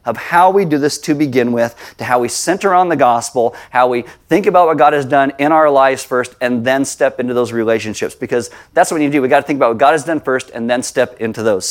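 A man preaching a sermon as pastor, telling stories with animated, acted-out voices. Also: mid-range voice.

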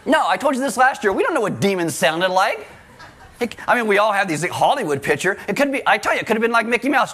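Male preacher, fairly high, lively sermon delivery with jokes. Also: fast. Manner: animated, joking asides, acts out quotes. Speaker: pastor.

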